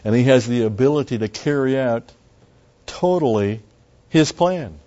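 A man's voice: medium pitch, animated, a little slow, mellow. A man teaching through a Bible passage verse by verse, in a conversational way that explains each word and adds asides. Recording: dull lo-fi sound.

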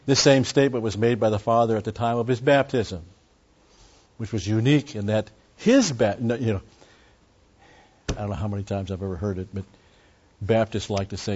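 A man's voice: on the low side, moderate pace, pauses often, a little mellow, lo-fi sound. A man preaching an expository sermon in a conversational way, with frequent asides and restarts. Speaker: pastor.

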